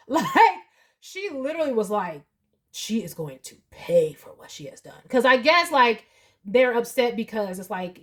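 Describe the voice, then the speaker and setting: A young woman giving a casual tarot reading, animated and profane, with loud high-pitched outbursts. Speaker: tarot reader.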